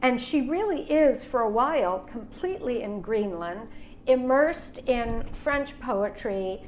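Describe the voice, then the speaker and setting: A woman's voice: fairly high pitch, animated, measured pace, a little mellow, slight background noise. A woman hosting an author interview, asking long, musing questions. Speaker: host and interviewer. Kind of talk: casual interview.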